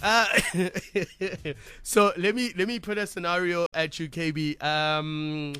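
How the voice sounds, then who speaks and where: A man's voice: high-pitched, steady tone, takes it slowly, sharp tone, clean tone. A man hosting a radio show, teasing his co-hosts and laughing often. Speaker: radio host. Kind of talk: casual radio banter. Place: radio studio.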